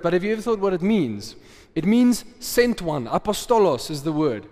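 A man preaching a sermon in a relaxed, conversational way, asking the congregation questions and laughing often. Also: sits high. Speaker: pastor. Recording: long hall reverb.

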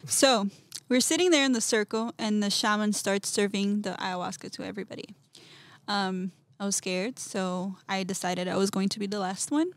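A woman, a podcast guest, telling a personal story in an animated way, acting out quotes and laughing often. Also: medium pitch, moderate pace, dry recording.

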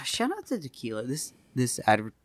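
A man's voice: mid-range voice, huge pitch swings, fairly quick, no room sound. Rambling young man telling a story. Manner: rambling, laughing, swings loud and soft. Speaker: podcast co-host. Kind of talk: casual storytelling chat.

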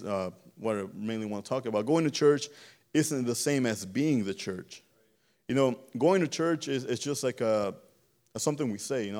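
Man preaching a casual sermon. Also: medium pitch. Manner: conversational, repeats words and restarts, swells louder on key phrases.

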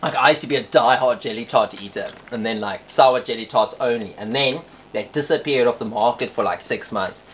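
A man's voice: mid-range voice, brisk, a bit bright, a little hiss or hum. A young man hosts a casual snack-tasting chat, laughing often and full of fillers. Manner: laughing, filler-heavy and chatty. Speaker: host.

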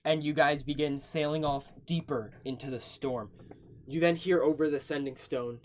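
A young man narrates a tabletop game as its game master, in a fairly high voice. He improvises in a casual way and swears freely. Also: moderate pace.

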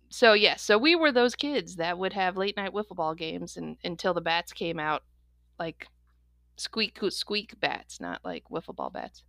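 A young adult woman co-hosting a podcast, telling stories in a quick, animated way and laughing often. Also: on the low side, no echo, studio quality. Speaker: podcast co-host. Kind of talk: casual chat.

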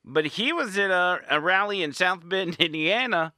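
Bright-voiced indignant male commentator. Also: sits high, lively intonation, normal speed, no echo, studio quality. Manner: indignant, sarcastic. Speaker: political commentator. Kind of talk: opinionated monologue. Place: small home studio.

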